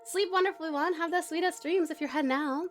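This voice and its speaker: A woman's voice: very high-pitched, quick pace. Bubbly Australian woman streamer. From Tasmania, Australia. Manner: bubbly, affectionate, laughs often. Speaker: streamer and story narrator. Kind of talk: live-stream chat and story reading. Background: background music.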